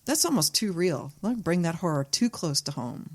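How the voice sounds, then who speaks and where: Animated, slightly low-voiced woman storyteller. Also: moderate pace, husky. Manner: animated storyteller, acts out quotes, swears freely. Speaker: filmmaker guest. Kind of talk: casual podcast chat.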